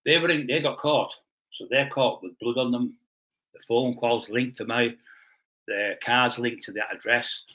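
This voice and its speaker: A man as an interview guest, telling rough stories bluntly and swearing freely. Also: mid-range voice, fairly even intonation, measured pace, bright, forceful tone, rough recording. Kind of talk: blunt storytelling in a casual interview.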